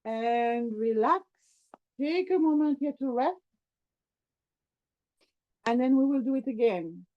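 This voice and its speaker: High-voiced woman guiding a yoga class. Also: a little slow, long pauses, muffled recording. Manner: calm, step-by-step guiding, demonstrating while talking. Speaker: yoga teacher. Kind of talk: guided yoga class instruction.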